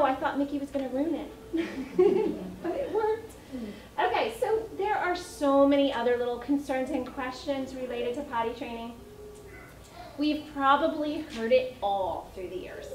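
A woman's voice: high voice, a little slow, a little mellow, slight background noise. A middle-aged woman, an early childhood educator, telling potty-training stories to parents in a chatty way with laughter. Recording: echoey room, mic at a distance.

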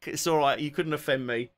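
A man in his forties with a London accent, chatting casually and joking as he hosts a live guitar stream. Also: on the high side. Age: 40s. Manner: joking, chatty, self-deprecating.

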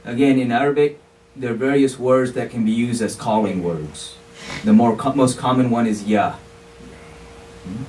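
A man preaching from a mosque pulpit, explaining his points in a relaxed, conversational way and slipping in Arabic phrases. He sits well back from the microphone, so his voice comes across distant. A faint hiss of noise lies behind it. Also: mid-range voice, normal speed. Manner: conversational, often saying "you know", sprinkled with Arabic phrases. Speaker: imam giving a sermon. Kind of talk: explanatory sermon.

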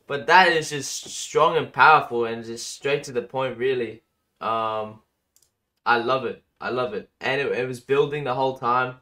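A man hosting a casual music reaction video, chatty and enthusiastic, in a morning voice that sits deeper than usual. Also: normal speed, sharp tone.

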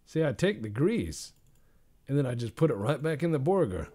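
A man giving rambling, jokey commentary over his own gameplay, mixing deadpan asides with sudden loud outbursts. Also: mid-range voice, moderate pace, slightly rough.

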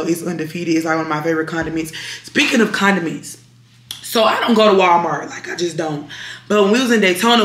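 A young woman vlogger with a raspy, strained voice, chatting casually to her viewers at home and calling them y'all. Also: fairly low pitch, a bit bright, slight background noise. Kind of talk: casual chat to camera. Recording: roomy echo.

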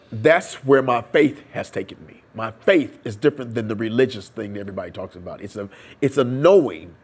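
A man's voice: fairly low pitch, husky. A man in an oral history interview, telling his story and acting out the dialogue and prayers in it. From United States. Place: seminary room.

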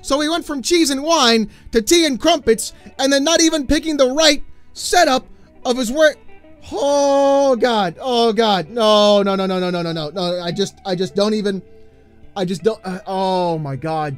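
A man hosting a gaming commentary channel, ranting in an exasperated, mocking way that swings into shouting. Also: very high-pitched, moderate pace, faint music behind.

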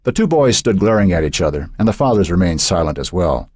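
A deep-voiced man reads an audiobook with lively, expressive storytelling. His tone is husky, and the recording is dry and close. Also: fast, no room sound. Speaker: audiobook narrator. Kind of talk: scripted narration.

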